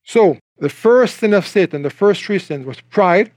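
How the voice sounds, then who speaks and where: A male preacher with a high-pitched voice delivers an animated sermon. He acts out the voices of the people he quotes. The sound is close and dry, with no room echo. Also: measured pace.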